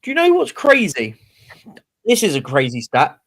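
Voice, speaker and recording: A man co-hosting a casual football fan podcast, animated and ranting, often mimicking other fans. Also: high voice, normal speed. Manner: animated, ranting, quotes fans in mocking voices. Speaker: podcast co-host.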